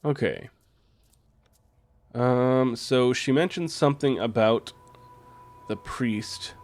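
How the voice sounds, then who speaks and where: A man's voice: medium pitch, slow, a little mellow, soft background music. A man streaming a game, commenting casually, swearing freely and reading on-screen text aloud.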